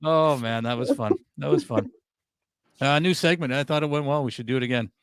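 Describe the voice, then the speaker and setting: Smooth-voiced man moderating a comedy debate. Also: mid-range voice, brisk. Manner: laid-back, laughing, moderating. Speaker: podcast host, debate moderator. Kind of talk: casual comedy podcast hosting.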